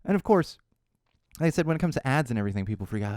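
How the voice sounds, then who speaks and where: Man, podcast host, solo rant, animated, swoops all over, dry close sound. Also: medium pitch, rapid-fire, no echo. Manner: animated, ranting, mocking voices.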